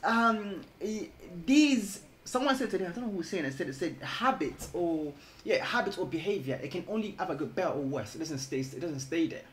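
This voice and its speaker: A man's voice: high voice, lively intonation, brisk, few pauses, fairly bright tone, slight background noise. A man hosting a casual group chat. He rambles, restarts his sentences and talks through his points at length. The room is echoey. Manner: rambling, restarts often, laughs a lot. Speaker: host.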